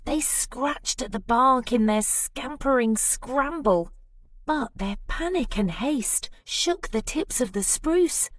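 A woman reading a rhyming children's storybook aloud with lively, expressive narration. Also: on the high side, takes it slowly, no echo, studio quality. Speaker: storybook reader.

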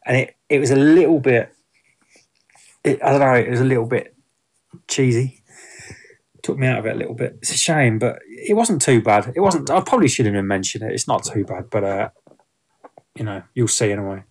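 A man chats through a film review in a casual, unscripted way. He rambles, restarts sentences and leans on fillers as he goes. His voice sits at an ordinary middle pitch for a man. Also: a little fast, pauses often, a little mellow.

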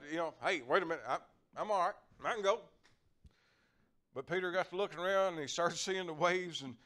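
A man's voice: fairly high pitch, a bit bright. An older man, preaching a folksy lay sermon, repeating words and chuckling as he talks.

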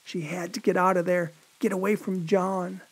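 A man's voice: high-pitched, little pitch movement, moderate pace, breathy edge. A man narrating a horror story in a dramatic storytelling manner. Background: rain.

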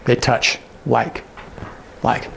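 A man's voice: very slow, a bit bright, slight background noise. A man teaching sign language, patiently naming each word and checking in with the viewer. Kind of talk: instructional demonstration.

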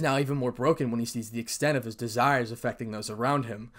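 A man's voice: medium pitch, steady tone, fast, few pauses, a bit bright. Man, narrator, amateur fan-story reading, plain, occasional stumbles.

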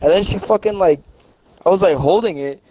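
Young man telling a rambling story in a dark, mellow voice. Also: high voice, fairly quick, no room sound, rough recording. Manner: rambling storyteller, heavy swearing and fillers. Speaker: podcast co-host. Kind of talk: casual chat.

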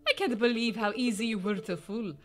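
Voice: mid-range voice, a little fast, a bit bright, lightly acted. A player voicing a scheming, scornful aristocratic bird lady in a game, with a cold, haughty manner.

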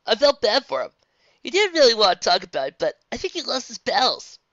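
A woman's voice: fairly high pitch, brisk, dry recording, lo-fi sound, pitched above the performer's own voice. A woman voicing an easygoing, teasing female pony DJ in a fan audiobook reading. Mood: breezy. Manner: breezy, teasing, relaxed.

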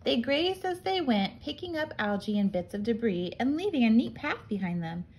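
A preschool teacher reading a picture book aloud to children in a gentle, animated storytelling manner. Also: female voice, a little high, moderate pace, slight background noise.

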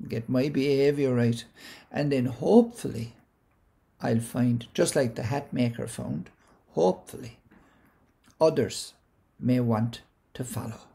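Irish male storyteller, gravelly and mellow, gentle unhurried telling. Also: medium pitch. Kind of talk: told folk tale with a moral.

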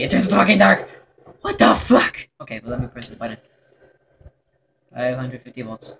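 A man narrating his own horror game run, profane and easily startled. His voice leaps around in pitch as he yelps and mutters. A constant noisy hiss sits under the recording. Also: normal speed, gravelly, pauses often. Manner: profane, excitable, jumpy reactions. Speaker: gameplay commentator. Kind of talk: let's play commentary.

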